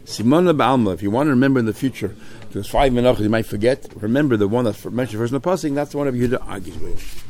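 A man's voice: medium pitch, very fast, a little mellow. A man teaching a Talmud study class in English, peppered with Hebrew and Aramaic terms and questions to his students.

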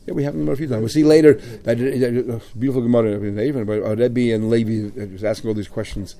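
A man leads a Talmud class at a brisk clip. He reads each phrase in the original, then talks it through in English. His voice has a dark, mellow tone. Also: medium pitch, fairly even intonation. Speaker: Talmud teacher. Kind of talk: Talmud class, reading Aramaic and translating.

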